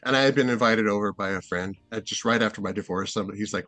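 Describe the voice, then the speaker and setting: A man's voice: fairly low pitch, fast, few pauses, fairly bright tone, no echo. A middle-aged man from Seattle, a guest in a casual interview, rambling and hesitant with many fillers and restarts. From Seattle, USA.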